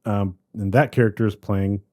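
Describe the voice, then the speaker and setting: A man co-hosting a podcast, chatting casually about a movie in a rambling, animated way that keeps trailing off and restarting. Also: fairly low pitch, normal speed. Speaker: podcast co-host. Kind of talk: casual movie review chat.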